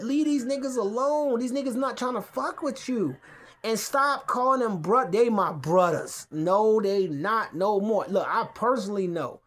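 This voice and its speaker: A man's voice: high-pitched, unhurried, a bit bright. A podcast host ranting casually from the couch in his man cave. He curses freely and stumbles over repeated words as his thoughts run on. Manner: profane, rambling, repeats himself. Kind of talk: casual rant to camera.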